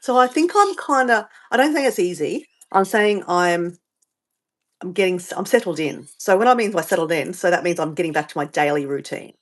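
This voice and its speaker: Chatty Australian woman with a lively voice. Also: on the low side, brisk. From Southeast Queensland, Australia. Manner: rambling, chatty, easily sidetracked. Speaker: livestream host. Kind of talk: casual live-stream chat. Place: at home.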